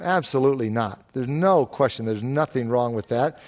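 A man's voice: mid-range voice, normal speed, hardly any pauses, a little mellow. A man, a pastor, answering Bible questions in a sermon-style Q&A, earnest and explanatory, asking rhetorical questions.

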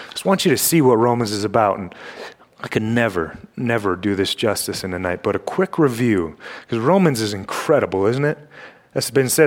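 A young man delivers a sermon in a church sanctuary, his voice sitting at an ordinary middle pitch. He presses his points with emphatic rhetorical questions and clears his throat from time to time. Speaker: campus ministry preacher.

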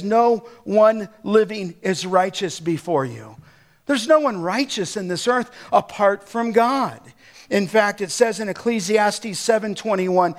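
A middle-aged man preaching a sermon as a pastor, slowing down to stress scripture and rising to near-shouts on key points. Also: sits high.

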